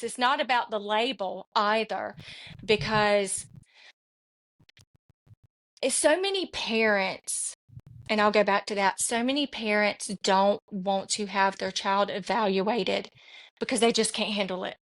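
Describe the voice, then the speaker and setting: A woman's voice: medium pitch, unhurried, a bit bright. A middle-aged woman, a podcast guest, telling a personal story in an earnest, rambling way with many restarts.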